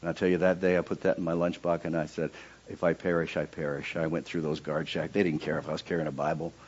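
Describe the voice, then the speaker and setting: A man preaching his personal testimony in a sermon, his voice swinging from quiet and low in narration to high, loud outbursts in the reenacted prayers. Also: level tone, quick pace, lo-fi sound, a little hiss or hum.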